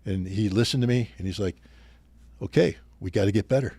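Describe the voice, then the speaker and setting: This husky, warm, fairly low voice belongs to a man in his sixties appearing as a podcast guest. He speaks briskly, telling anecdotes with animation and acting out the officers he quotes. The recording has no room sound.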